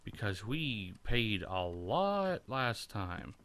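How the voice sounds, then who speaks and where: A lower-pitched man drawls through casual gameplay commentary, slow and meandering. His voice is bright and forward, and he swears freely while puzzling over menus. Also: very animated. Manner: profane, rambling, thinking aloud. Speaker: let's play host.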